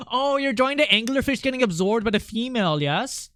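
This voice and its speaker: A young man streaming while he draws, chatting casually and excitably, laughing often and swearing now and then. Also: very high voice, a little fast, no echo. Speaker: art streamer. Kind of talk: casual live-stream chat.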